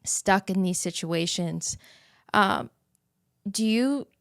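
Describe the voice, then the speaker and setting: Gentle woman host, smooth low voice. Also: takes it slowly, dry recording, studio quality. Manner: gentle, empathetic, thoughtful questioning. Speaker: podcast host. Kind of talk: interview conversation. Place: podcast studio.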